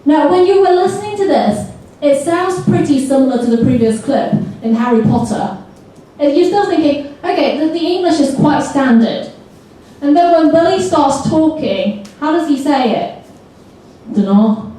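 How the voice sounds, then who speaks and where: A woman with a high, mellow voice leads a seminar for teachers. She talks in a lively way, throws questions at her listeners and mimics accents as she goes. Her voice comes from far off in a big school hall with heavy echo. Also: normal speed. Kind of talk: interactive teaching talk.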